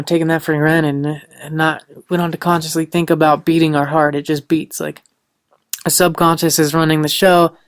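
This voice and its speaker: Young male podcast host, earnest motivational talker, loose and rambling, smooth clear tone, dry recording. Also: a little high, no echo. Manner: loose and rambling, with lots of "like" and "you know"; earnest, upbeat and preachy.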